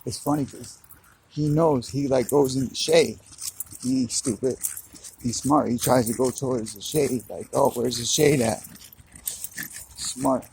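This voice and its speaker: A man's voice: medium pitch, steady tone, unhurried, gravelly, darkish tone, a little hiss or hum, rough recording. A man chatting casually while walking his dog outdoors, filming on his phone, with a laid-back, chatty manner. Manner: laid-back, chatty, full of "you know what I'm saying". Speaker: dog owner vlogger. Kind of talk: casual walk-and-talk vlog.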